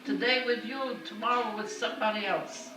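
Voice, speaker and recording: An older woman voicing her excitable immigrant mother, who speaks broken English in a strong Italian accent mixed with Italian words. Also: fairly high pitch, normal speed, pitched above the performer's own voice. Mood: scolding. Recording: echoey room, far from the mic, music behind.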